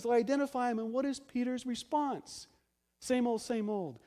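High-voiced emphatic preaching pastor. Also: male voice, animated, moderate pace. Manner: emphatic preaching with rhetorical questions; swings between loud stresses and hushed low phrases. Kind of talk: sermon.

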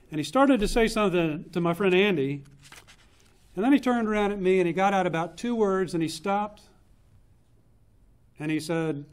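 A man in his fifties gives a eulogy for his older brother in a funeral home chapel, telling family stories in an earnest, unhurried way with pauses for effect. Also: sits high. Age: 50s. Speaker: eulogist, younger brother of the deceased. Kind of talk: memorial eulogy, personal storytelling.

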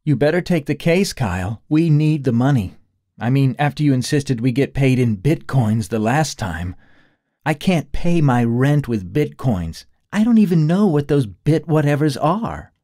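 A man's voice: medium pitch, very animated, measured pace, mellow, dry recording, clean studio sound, pitched above the performer's own voice. A man voicing Allie, a sassy young detective partner. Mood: pleading. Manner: teasing, effervescent.

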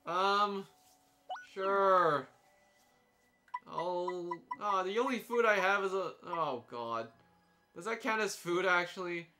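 A young man giving casual, joking gameplay commentary as he plays, sarcastic and quick to laugh. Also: high voice, expressive, bright, forceful tone, slight background noise. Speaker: let's play commentator.

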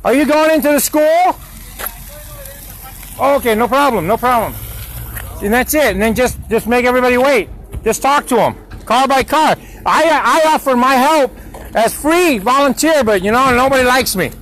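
A parent films a street dispute near a school on his phone, arguing heatedly with road workers and repeating himself. His voice is very high, animated and a bit bright, at a moderate pace. The rough recording carries slight background noise.

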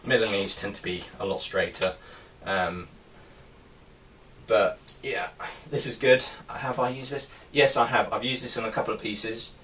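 A man with a fairly low voice talks through his collection in a relaxed show-and-tell way. He hesitates often, filling gaps with ums and starting phrases over. The mic sits a little away from him, with a faint hiss of noise underneath. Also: measured pace, far from the mic. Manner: hesitant, many ums and restarts. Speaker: artist showing his helmet collection. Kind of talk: casual show-and-tell vlog.

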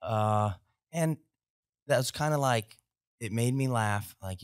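A man's voice: medium pitch, takes it slowly, dry recording, clean studio sound. A man in his thirties with an American accent, a veteran guest telling profane army stories in casual podcast talk. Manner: profane, animated anecdote telling. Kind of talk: casual storytelling. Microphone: podcast studio mic.

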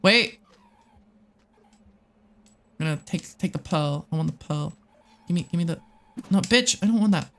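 A young adult game streamer talking live to chat, jumpy and quick to curse. They ramble in restarts and running self-talk while playing. The voice sits in a middling pitch. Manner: excitable and swearing, chatting with viewers.

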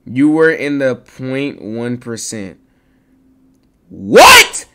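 Young guy streamer, rambling and hyped, bright voice that jumps up and down a lot. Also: fairly high pitch, moderate pace. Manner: excitable, rambling, lots of repeated protests. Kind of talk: casual live-stream reaction.

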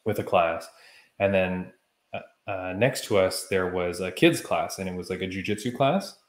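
A man co-hosting a podcast, telling a story in a heated, animated way during casual chat. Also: low voice, normal speed, reverberant. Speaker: podcast co-host.

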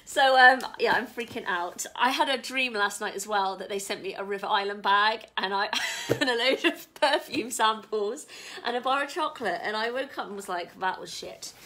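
Excitable woman, bright voice. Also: medium pitch, normal speed. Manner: excitable, chatty, swears casually. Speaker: vlogger. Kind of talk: casual live-stream chat. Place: home.

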